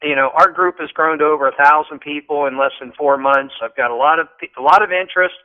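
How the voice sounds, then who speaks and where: A man's voice: a little high, fast talker, clear, resonant tone. Fired-up male caller on a phone line. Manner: animated, rambling, repeats words. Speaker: call-in guest. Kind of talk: casual political talk.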